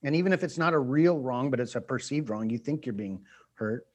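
A man's voice: medium pitch, lively intonation, fairly quick. A man preaching a conversational sermon to a small group, repeating phrases and acting out quoted voices. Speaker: pastor.

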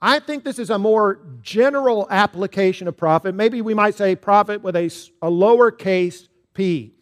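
A man, a pastor, preaching a sermon to his congregation, mixing scripture with a told joke. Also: high-pitched.

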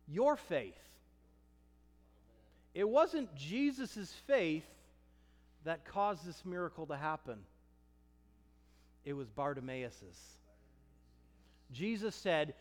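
High-voiced, impassioned male preacher. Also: very animated, takes it slowly, pauses often, in a large hall. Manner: impassioned, swinging between shouts and hushed emphasis. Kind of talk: sermon.

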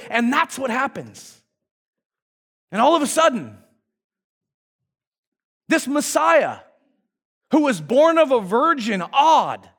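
A man preaches a sermon as a pastor, with a strikingly high voice. He tells the story like casual talk, and his pitch rises and falls in wide, animated swings.

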